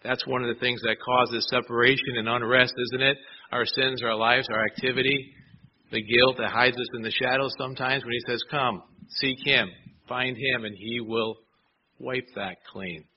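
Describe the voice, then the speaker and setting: A man's voice: medium pitch, steady tone, moderate pace, dull audio, slight background noise. A man preaching a sermon in a conversational way, often asking his listeners rhetorical questions. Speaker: pastor.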